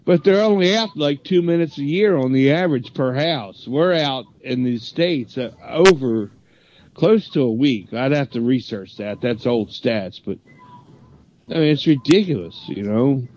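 A man co-hosting a casual podcast, asking questions quickly and chuckling between remarks. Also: medium pitch, lively intonation, a little mellow, lo-fi sound, a little hiss or hum.

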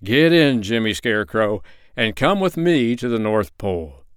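A man voicing a jolly, brisk old Santa Claus in a storybook reading, talking loudly and heartily. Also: mid-range voice, very animated, smooth, no echo, clean studio sound. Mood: hearty. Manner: loud, hearty proclaiming.

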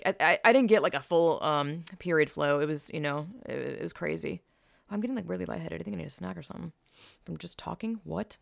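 On a headset mic, a young woman hosts a rambling, casual podcast, swearing and speaking openly as she slides between tangents. Her voice is lowish and creaky, and the recording is dry with clean studio sound.

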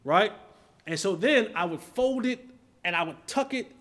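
A man hosting a podcast, telling a story in a lively, casual way and acting out quoted lines in different voices. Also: high-pitched, normal speed. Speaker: podcast host and former player. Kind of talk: animated storytelling in casual chat.

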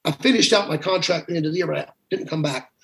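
High-voiced man telling animated stories. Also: racing, creaky. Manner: animated anecdotes with quoted dialogue and self-deprecating humor. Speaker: guest singer. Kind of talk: storytelling conversation.

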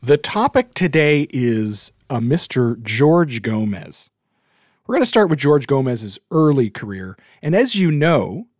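A man's voice: medium pitch, dry recording, clean studio sound. A man from Canada with a Canadian accent, hosting a podcast in casual, self-deprecating chat. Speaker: podcast host.

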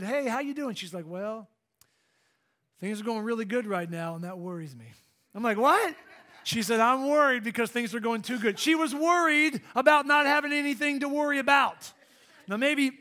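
A middle-aged man preaches to his congregation with a notably high voice, swinging between hushed asides and bursts of energy as he tells stories. He keeps the room involved with quick questions and calls for a response. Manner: lively storytelling preacher, engaging congregation. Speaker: pastor. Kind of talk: sermon. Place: church sanctuary.

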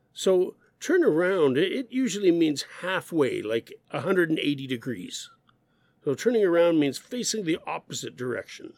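A man who speaks English natively, teaching learners English expressions, slow and emphatic, repeating phrases. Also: a little high, darkish tone, no room sound.

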